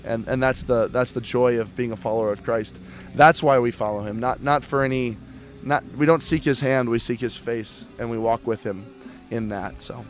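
A man's voice: mid-range voice, fairly even intonation, normal speed, soft background music. A man earnestly talking about his faith in a casual interview, often repeating words as he goes.

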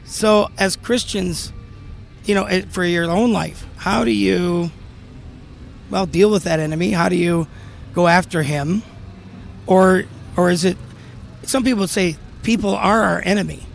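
A man interviewing a guest about faith, asking halting, restarting questions. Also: sits high, fairly even intonation, vocal fry, a little hiss or hum.

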